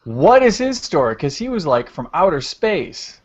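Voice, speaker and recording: A man's voice: a little high, sing-song, normal speed. A man hosting a casual podcast, talking hesitantly with many fillers. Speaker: podcast host. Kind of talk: casual chat. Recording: dull lo-fi podcast audio.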